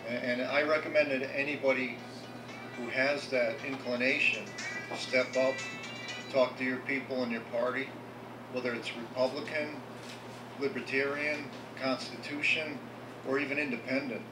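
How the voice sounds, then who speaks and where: A man's voice: mid-range voice, little pitch movement, normal speed, over music. A man running for local office, giving an unprepared, earnest speech to a meeting and often stumbling over repeated words. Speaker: local political candidate. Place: restaurant meeting room. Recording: echoey room with background noise.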